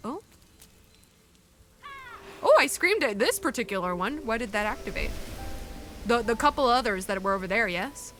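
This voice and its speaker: A woman's voice: fairly high pitch, very animated, moderate pace, pauses often, fairly bright tone, a little hiss or hum. A woman streaming a video game, chatting casually with her viewers, musing aloud and cooing at the creatures on screen. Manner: chatty, muses aloud and answers chat, coos at game creatures. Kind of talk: casual live-stream commentary. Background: faint game music.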